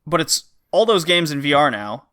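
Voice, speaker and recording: A man's voice: on the high side, sing-song, normal speed, a bit bright, smooth. A man hosting a casual game podcast, rambling with many fillers as he reviews recent releases. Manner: rambling, frequent uh and um, acts out game lines. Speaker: podcast host.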